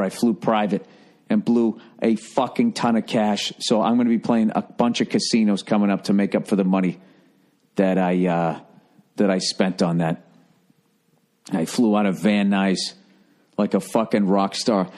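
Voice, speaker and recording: A man's voice: on the low side, darkish tone. Profane rambling man telling stories. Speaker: podcast host. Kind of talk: casual comedic monologue.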